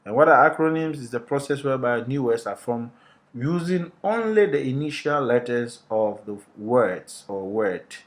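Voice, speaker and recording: Guy teaching a lesson, mid-pitched voice, asks the class stuff then answers it himself. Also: expressive. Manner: deliberate, explanatory teacher's delivery. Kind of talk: recorded lecture to students.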